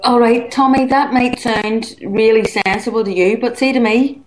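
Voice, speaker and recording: A woman's voice: on the high side, fairly even intonation, moderate pace, poor audio. A woman with a Northern Irish accent calling in to a show, blunt, joking and swearing casually. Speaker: caller. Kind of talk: casual call-in chat.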